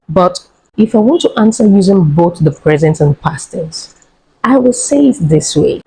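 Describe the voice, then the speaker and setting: Low, mellow-voiced woman tutor. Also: breathy edge, low-quality recording. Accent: Nigerian. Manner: measured, emphatic explaining. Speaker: IELTS tutor. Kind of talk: teaching to camera.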